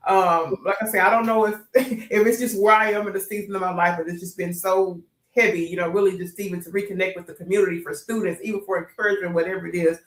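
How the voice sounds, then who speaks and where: A woman's voice: medium pitch, fairly even intonation, fast talker. Effusive woman podcast host, echoey room. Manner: effusive, emotional, laughs often, slangy. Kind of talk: casual interview chat.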